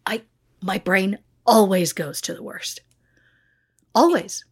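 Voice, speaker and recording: A woman's voice: medium pitch, slow pace, husky. Self-mocking woman podcast co-host. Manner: self-mocking, anxious humor with frequent laughs. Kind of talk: casual chat.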